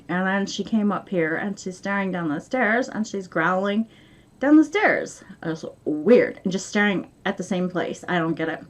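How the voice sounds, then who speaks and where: A woman vlogging from home in a rambling, chatty way, full of fillers. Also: mid-range voice. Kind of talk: casual chat to camera.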